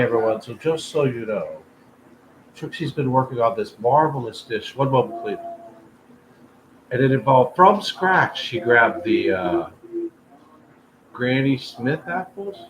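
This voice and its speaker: A man hosts a casual livestream, chatting to his viewers in a rambling way. His voice is medium-pitched with a fairly bright tone. Noisy room ambience fills the background.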